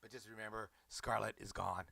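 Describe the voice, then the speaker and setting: A man's voice: lowish voice, little pitch movement, fairly quick, vocal fry, pushed and bright. A man giving a rambling, sarcastic comedic movie recap, mocking the fans. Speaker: movie reviewer.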